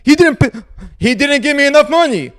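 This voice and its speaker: A man doing a mocking take on a whiny, greedy guy who thinks he's owed everything. He sounds high and strained, loud and indignant, and he rants fast. The impression is shouty and petulant throughout. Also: expressive.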